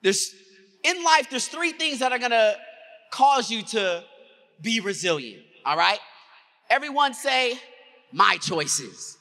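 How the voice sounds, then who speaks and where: Bright-voiced male keynote speaker in an echoing hall. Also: extremely high pitch, expressive, unhurried, long pauses. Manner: dramatic, with call-and-response to the audience. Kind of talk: motivational keynote storytelling. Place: large conference hall. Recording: reverberant conference hall.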